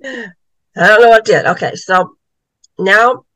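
A woman's voice: mid-range voice, takes it slowly, bright, forceful tone, no echo, rough recording. A middle-aged woman, an author and psychic medium, telling a story in a casual interview and acting out the voices she quotes.

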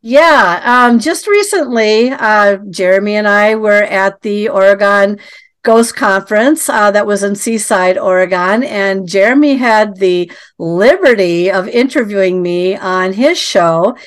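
A woman who hosts and produces a podcast welcomes her guest brightly and upbeat, stretching out the name announcements. Her mid-range voice is clear and resonant, recorded with studio quality and no room sound.

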